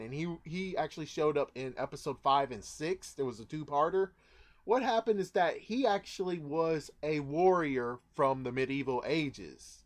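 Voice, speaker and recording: A man's voice: a little high, a little mellow. A young man casually reviewing an action figure, chatty and rambling with lots of asides. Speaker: toy reviewer. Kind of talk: casual toy review vlog.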